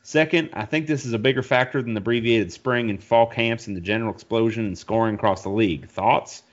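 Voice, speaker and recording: A man's voice: mid-range voice, brisk, highs cut off, lightly acted. A man putting on a Southern-drawling male letter writer. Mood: earnest. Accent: American Southern, put on. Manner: reading a letter aloud in a put-on drawl.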